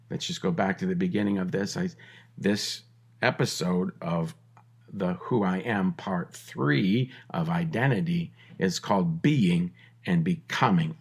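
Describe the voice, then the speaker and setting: A man's voice: lowish voice, husky. A middle-aged man giving a podcast sermon, emphatic and repetitive, with conversational joking asides. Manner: emphatic preaching with repeated phrases and restarts. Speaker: podcast preacher.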